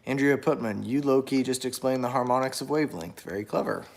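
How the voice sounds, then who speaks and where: A young man hosts a casual livestream and answers viewers' comments as they come in. He talks in a relaxed, rambling way, full of fillers, false starts and self-corrections. At times a small child cries somewhere in the home behind him. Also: medium pitch, fast talker, gravelly. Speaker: livestream host reading chat. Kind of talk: casual chat. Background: a small child crying at times.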